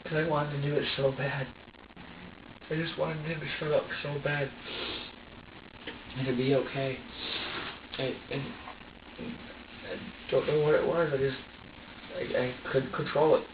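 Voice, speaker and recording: A man under police questioning who recounts events haltingly, repeating himself and swearing. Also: fairly high pitch, flat delivery, background noise. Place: police interrogation room. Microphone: distant room camera mic. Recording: dull, echoey room audio from far off.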